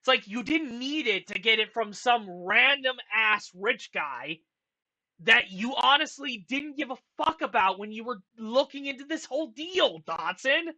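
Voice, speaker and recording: A man's voice: very high voice, animated, a little slow, pushed and bright. A man ranting in casual commentary, swearing often, sighing and exasperated. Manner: profane, exasperated ranting with sighs. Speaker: vlogger ranking a film franchise.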